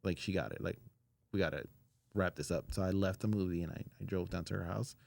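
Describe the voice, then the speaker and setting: Male interview guest, low-pitched with gravelly fry, loose storyteller with lots of fillers. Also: fast, no room sound, studio quality. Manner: relaxed, filler-heavy anecdotes. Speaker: audio engineer guest.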